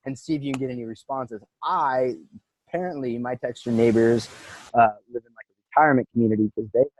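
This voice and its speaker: A man's voice: mid-range voice, quick pace, darkish tone, rough recording. A man co-hosting a podcast, chatting in an easygoing way, chuckling and saying "like" a lot. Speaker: podcast co-host. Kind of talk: casual chat.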